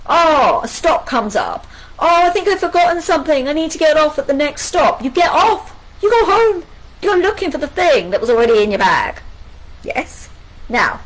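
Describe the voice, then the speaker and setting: A middle-aged woman, giving a live pick-a-card angel reading in a chatty, animated way, full of rhetorical questions. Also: a little high, poor audio.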